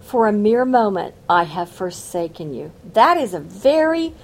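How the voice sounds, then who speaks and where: A woman's voice: medium pitch, big pitch swings, unhurried. A woman teaching a Bible study, reading scripture aloud and adding emphatic, folksy commentary.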